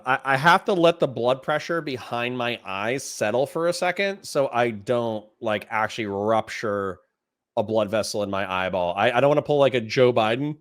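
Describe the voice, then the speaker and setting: A man's voice: mid-range voice, no echo. Casual male streamer, dry close sound. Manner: animated, exasperated outbursts, talks to chat. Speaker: streamer reacting to a clip. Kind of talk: casual live-stream commentary.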